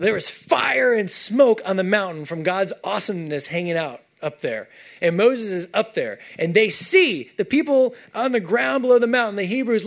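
Guy preaching, high voice, really animated, keeps talking to the crowd. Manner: animated, conversational preaching with asides to the congregation. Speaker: pastor. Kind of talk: sermon.

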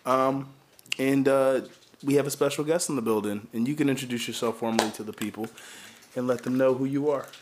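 A man's voice: mid-range voice, steady tone, a little fast, background noise. A man hosting a casual podcast from a small studio, talking loosely, rambling and swearing freely. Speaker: podcast host. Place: home studio.

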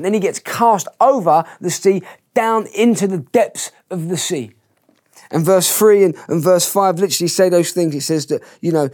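Male preacher, slightly higher voice, earnest and halting, sermon delivery. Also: a little mellow. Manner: earnest, many restarts and repeated words. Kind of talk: sermon with scripture reading.

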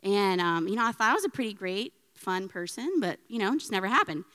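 Bright, chatty woman speaking in a hall. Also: medium pitch, expressive, fast talker. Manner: chatty, frequent "right?" tags, laughs often. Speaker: speaker giving a faith talk. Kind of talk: personal testimony talk. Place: church hall with audience. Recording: long reverb in a hall.

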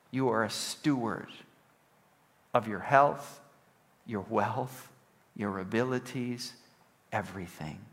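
A man preaching a conversational sermon, often checking in with "right?" and swinging between emphatic, louder passages and soft, low ones. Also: in a large hall. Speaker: pastor.

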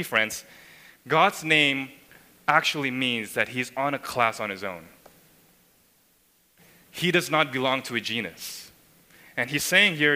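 Man, pastor, sermon, emphatic, bright forceful tone, long church reverb. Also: medium pitch. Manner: emphatic, frequent tag questions, voices God's words. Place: church sanctuary.

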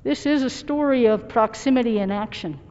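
A woman pastor preaches in a reflective, personal and earnest manner. Her voice sits a bit high. The recording is dull and muffled, with a long reverb trailing off as in a large hall. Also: moderate pace, mellow. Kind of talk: sermon.

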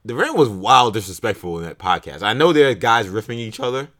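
Man, low pitch, bright tone, podcast co-host, casual sports talk, rambling with restarts. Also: big pitch swings, fairly quick. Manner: rambling, many fillers and restarts.

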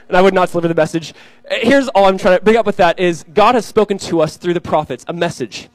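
A young man delivers a sermon at a quick clip, his voice sitting a bit high. He slips into animated storytelling, acting out the voices in his anecdotes. The recording is close and dry, with almost no room sound. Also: no echo, poor audio. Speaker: pastor.

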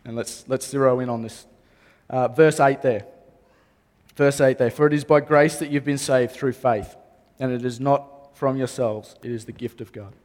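A man's voice: mid-range voice, steady tone, normal speed, a little mellow. A man, a pastor, preaching a sermon earnestly and repeating key phrases for emphasis. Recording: long reverb of a hall.

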